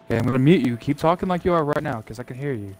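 A man's voice: medium pitch, lively intonation, racing, faint music behind. A man streaming a video game with a friend, chatting casually on a headset, swearing and complaining about how his friend's voice sounds. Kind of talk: casual gaming chat.

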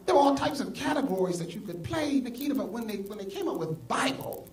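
A male pastor preaching a sermon, swinging from soft asides to loud exclamations. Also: high-pitched, expressive, fast talker, far from the mic. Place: church sanctuary. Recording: echoey church hall, mic from afar, congregation audible. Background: congregation.

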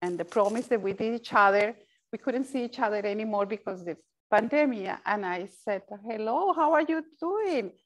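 Earnest woman speaking haltingly. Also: mid-range voice, rough recording. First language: Spanish. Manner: earnest, halting, with frequent restarts and repeated words; mixes Spanish phrases into English. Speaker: advocate speaking to service providers. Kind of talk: panel talk.

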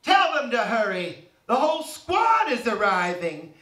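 A man doing a comic impression of a blustering old male politician who yells and whines, recorded from a distance in an echoey room. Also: extremely high pitch, huge pitch swings, unhurried, full character voice. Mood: panicked. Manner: yelling, whining.

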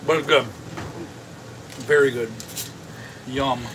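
A man's voice: medium pitch, fairly even intonation, slow pace, fairly bright tone, recorded from a distance, slight background noise, rough recording. A man eating at the table and giving short, easygoing answers during a home cooking livestream. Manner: laid-back, brief replies. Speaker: host's partner, guest at the meal. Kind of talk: casual chat at the table.

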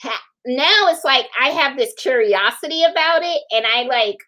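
Chatty woman host of a craft live stream, high-pitched, repeats herself, laughs easily. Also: lively intonation, normal speed, sharp tone, low-quality recording. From Puerto Rican. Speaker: livestream host. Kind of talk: casual live-stream chat.

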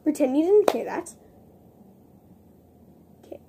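A woman's voice: high-pitched, sing-song, slow pace, creaky, background noise. A young woman vlogging casually, chatty and giggly, rambling and poking fun at herself. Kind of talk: casual vlog chat.

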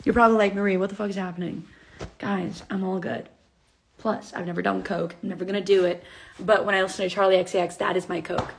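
A woman's voice: medium pitch, fairly even intonation, quick pace, gravelly, husky. A young woman hosting a casual live stream from home, talking in a hyper, rambling, giddy way into her phone. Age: young adult. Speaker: livestream host. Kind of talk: casual livestream chat. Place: at home, alone.

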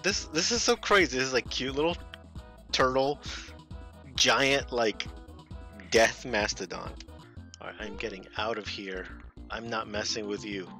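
A man giving lively let's play commentary, laughing and talking back to game characters. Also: mid-range voice, unhurried, long pauses, soft background music. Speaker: gaming video host.

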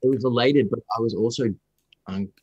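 A man's voice: medium pitch, a little fast, breathy edge, no echo, highs cut off. A young Australian man, an actor guest, telling stories in a casual interview with rambling restarts. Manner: rambling, restarts often, lively storytelling.

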